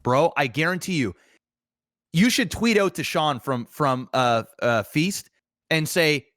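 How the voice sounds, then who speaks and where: A man's voice: fairly high pitch, animated, a little slow, a bit bright, no echo, studio quality. A man co-hosting a podcast, talking animatedly in casual, swear-filled chat with many restarts. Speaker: podcast co-host.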